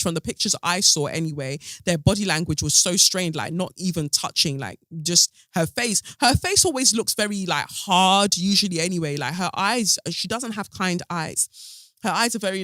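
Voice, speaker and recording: Chatty, sassy man, slightly high voice. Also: no echo. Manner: animated and gossipy, full of filler ums and sassy asides. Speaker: podcast host. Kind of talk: casual commentary podcast.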